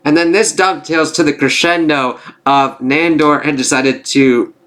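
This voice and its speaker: A man's voice: a little high, fairly even intonation, a little slow, fairly bright tone. A man casually recapping a TV episode, rambling and swearing, full of filler phrases. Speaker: TV reviewer.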